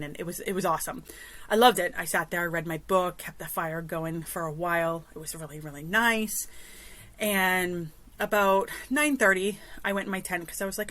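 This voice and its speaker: A podcast host, a woman in her thirties, telling a story in a chatty, animated way, with exasperated asides. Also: lowish voice. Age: 30s. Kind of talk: casual storytelling monologue.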